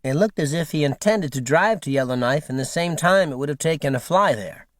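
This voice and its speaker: A man's voice: a little high, lively intonation, a little fast, dry recording, studio quality. Man narrating an audiobook. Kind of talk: scripted narration.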